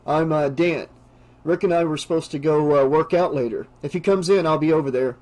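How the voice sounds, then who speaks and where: A man's voice: a little high, brisk, darkish tone, close to an everyday voice. A man as an awkward, easygoing teenage boy. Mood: casual. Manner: hesitant, filler-laden.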